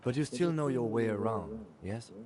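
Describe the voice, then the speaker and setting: A man voicing a calm, measured male police lieutenant with a dry wit in a video game. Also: medium pitch, lightly acted. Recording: game audio over a crowd murmur.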